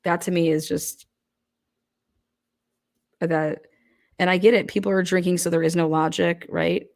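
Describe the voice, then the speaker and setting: A woman's voice: on the low side, fairly even intonation, measured pace, creaky. A woman giving casual, profane true crime commentary, blunt and heated, firing off rhetorical questions.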